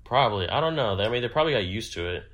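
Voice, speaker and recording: Podcast host, lower-pitched man with a bright, forceful tone, rambling casual chat with swearing; phone recording with friends chatting nearby. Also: expressive. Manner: rambling, swearing, quick asides. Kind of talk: casual chat while watching a film.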